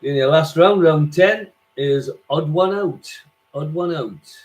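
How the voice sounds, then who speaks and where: A man hosting a quiz, reading out scores and questions slowly and repeating each question. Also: fairly high pitch, poor audio. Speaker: quiz host.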